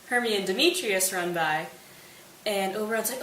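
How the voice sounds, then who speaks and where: A woman in a roomy space, heard from a distance over faint hiss, walks through a classic comedy's plot with playful asides. Her pitch is average and her tone is chatty and casual. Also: normal speed, pushed and bright. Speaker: host.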